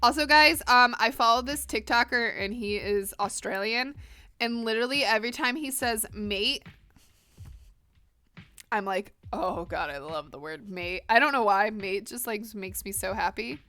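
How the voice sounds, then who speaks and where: A woman's voice: a little high, moderate pace, bright, forceful tone. A woman in her twenties with an American accent, chatting casually and animatedly with live stream viewers while coloring. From northern United States.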